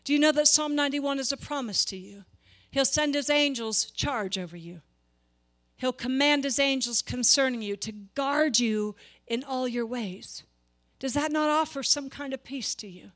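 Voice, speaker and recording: A woman's voice: high voice, normal speed, fairly bright tone. A woman preaching a sermon to a church, speaking with passion, repeating words and building to emphatic peaks.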